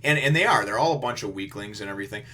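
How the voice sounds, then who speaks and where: Host type: lowish male voice, forceful and bright, loose rambling recap with plenty of fillers, blunt and a bit crude. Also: expressive, rapid-fire. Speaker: manga reviewer. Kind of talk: casual rambling commentary.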